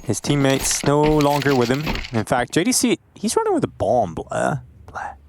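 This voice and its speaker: A man casting a live esports match, excitable and jokey, often laughing between plays. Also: medium pitch, moderate pace, noisy background. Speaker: esports caster. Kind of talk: live play-by-play commentary.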